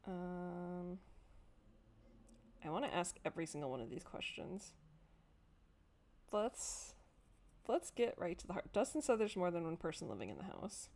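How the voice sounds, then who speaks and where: A young woman streaming a story game, chatting casually with excitable, jokey, sweary asides. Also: lowish voice, a little slow, gravelly, long pauses.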